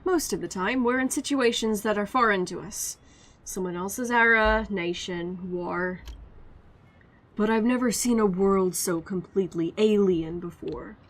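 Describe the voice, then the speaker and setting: A stoic male archer hero, dry and guarded, speaking low with quiet cockiness, as a woman puts him on. The tone stays even and reserved. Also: unhurried, natural voice. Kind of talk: voicing game characters on stream.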